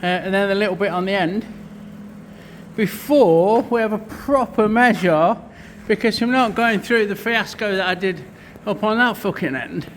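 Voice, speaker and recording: A man with a high-sitting, fairly bright voice talks at a moderate pace over slight background noise. He's a vlogger and metal fabricator narrating a casual workshop vlog, explaining his metalwork bluntly and swearing a lot. At times he's out of breath.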